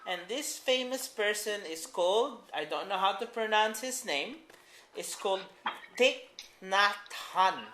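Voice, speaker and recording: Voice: medium pitch, lively intonation, normal speed, fairly bright tone, a little hiss or hum. A writing teacher giving a patient class explanation, repeating key points. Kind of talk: classroom instruction. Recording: roomy echo.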